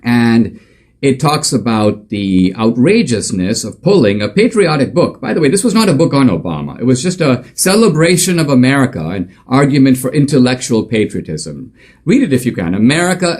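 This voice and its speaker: A man's voice: mid-range voice, big pitch swings, moderate pace, darkish tone. A male author and commentator telling a story in an emphatic, conversational monologue with frequent fillers.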